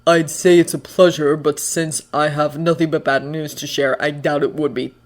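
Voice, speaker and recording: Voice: little pitch movement, brisk, close to an everyday voice. Reader doing a grim, muttering vigilante. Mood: grave. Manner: low, subdued, muttering. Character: grim male vigilante bearing bad news.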